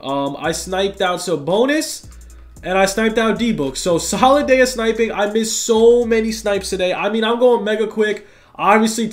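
Chatty young man with a cold. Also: high-pitched. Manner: fast, chatty, says "bro" a lot. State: has a cold, sounds tired. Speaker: gaming YouTuber. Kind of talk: casual gameplay commentary.

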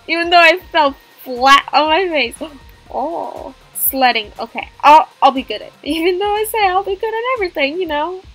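High-voiced excitable woman gamer. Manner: excitable, gasping, jokey. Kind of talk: playful game commentary.

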